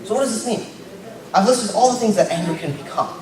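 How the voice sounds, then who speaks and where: A man's voice: high-pitched, quick pace, a crowd in the background. Young guy preaching casual and jokey, sounds far from the mic in a really echoey church, people heard around. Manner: informal and joking, tags lines with "right?". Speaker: lay preacher. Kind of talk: casual sermon. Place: church hall. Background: congregation noise.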